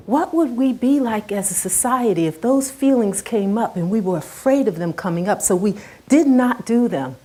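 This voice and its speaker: A woman's voice: medium pitch, expressive, normal speed, hardly any pauses, warm tone. A middle-aged woman giving a heartfelt personal talk on stage to a live audience, her voice rising and dropping with emotion. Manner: earnest and heartfelt, rises and drops sharply with emotion.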